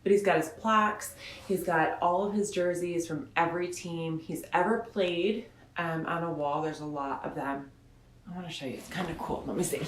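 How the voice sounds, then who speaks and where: A woman's voice: lowish voice, slight background noise. A woman radio host at home in her son's bedroom, chatting casually and then reading a children's picture book aloud in a rambling, friendly way. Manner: chatty and rambling, slows down to read. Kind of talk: chatty storybook read-aloud. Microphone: phone or camera set up in front of her. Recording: roomy bedroom sound.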